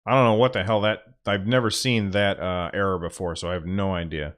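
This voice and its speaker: A man hosting a podcast, reading sponsor spots casually and muttering to himself when the recording software fails. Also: sits low, fairly even intonation, a little fast. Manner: offhand, restarts and mutters at tech trouble. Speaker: podcast host.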